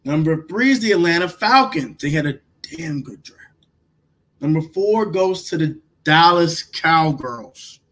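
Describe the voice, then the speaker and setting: Guy doing a casual livestream, kinda high voice, swings all over, keeps repeating himself and cussing. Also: unhurried. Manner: animated and emphatic, repeats himself, swears freely; reacts to chat viewers by name. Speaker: livestream host grading draft picks.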